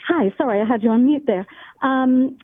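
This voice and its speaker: A woman's voice: sits high, moderate pace. A woman in her fifties from Australia, with a faded Australian accent, calling in to a radio talk show, chatty and hesitant with frequent ums. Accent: Australian, slightly faded. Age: 50s. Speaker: caller. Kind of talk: phone-in call. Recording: tinny phone line.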